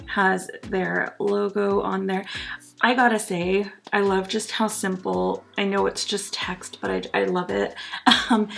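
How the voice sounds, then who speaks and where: Chatty woman beauty vlogger with vocal fry. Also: mid-range voice, a bit bright. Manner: chatty and enthusiastic, frequent ums and laughs. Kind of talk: casual product review.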